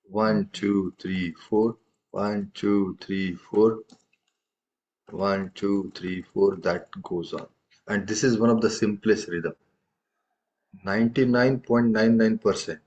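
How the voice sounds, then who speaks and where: A man's voice: fairly low pitch, a little mellow. A man teaching a tabla lesson, explaining patiently and often checking in with questions. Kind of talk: live music lesson. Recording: dull lo-fi audio.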